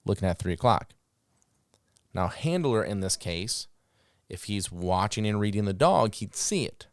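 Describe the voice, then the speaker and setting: Deep-voiced man telling training stories. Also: measured pace, no echo, clean studio sound. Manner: animated, acts out commands and reactions. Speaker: dog trainer and podcast host. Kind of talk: casual storytelling about dog training.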